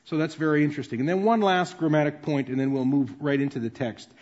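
A male pastor with a fairly high voice delivers a conversational, explanatory sermon. His words ring out with a long reverb in a large church hall. The recording sounds dull and muffled. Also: fast, darkish tone.

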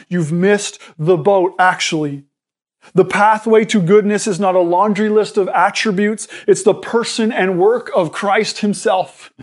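A man preaching a sermon, earnest and explanatory, often restarting his words as he talks. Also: high voice. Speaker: pastor.

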